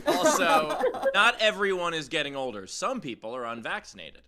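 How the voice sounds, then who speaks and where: Male comedy show host, excitable banter, animated voice, audience laughing behind. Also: fairly high pitch, normal speed, a loud crowd. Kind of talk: hosting a comedy show, riffing with a guest.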